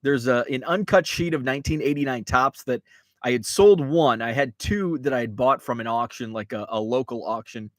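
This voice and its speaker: Casual male stream host, mid-pitched, rambling and filler-heavy, dry close sound. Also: normal speed, no room sound. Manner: rambling, chatty, many fillers and restarts. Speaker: podcast host reading live chat. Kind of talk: casual live-stream chat.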